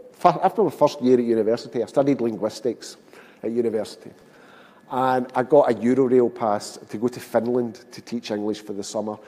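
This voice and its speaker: A man's voice: mid-range voice, warm tone. A man in his fifties with a Glasgow accent, telling wry, self-mocking stories as a speaker at a public event. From Scotland. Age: 50s. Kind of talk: storytelling speech to an audience. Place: public hall. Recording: long hall reverb.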